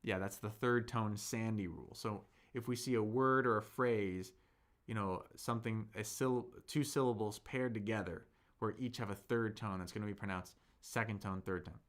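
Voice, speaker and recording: A man hosting a live-stream Chinese lesson, slowly explaining pronunciation with lots of fillers and thanking viewers in the chat. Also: fairly low pitch. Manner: slow, drawn-out speech with many fillers, demonstrating sounds.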